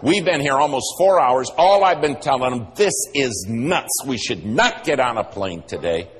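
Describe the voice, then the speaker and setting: A man's voice: medium pitch, lively intonation, normal speed, big-room sound, a little hiss or hum, voice pushed up, lightly acted. A man voicing an anxious, exasperated wife who pleads insistently during a sermon story.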